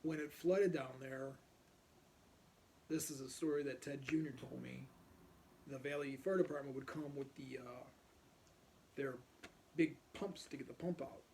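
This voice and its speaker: A man casually telling a rambling neighborhood story, often clearing his throat as he talks. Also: medium pitch, steady tone, unhurried, pauses often, darkish tone, a little hiss or hum.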